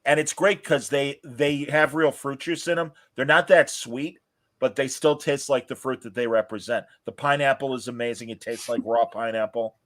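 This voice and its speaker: A man hosting a podcast in casual chat, telling stories with lively cheering asides. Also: medium pitch, moderate pace. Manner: animated storyteller, mimics cheering crowds. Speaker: podcast host.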